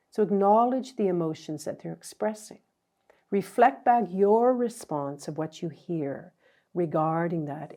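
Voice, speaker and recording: A woman's voice: lowish voice, mellow. A middle-aged woman teaching a counselling training session in a conversational way, acting out sample phrases as she goes.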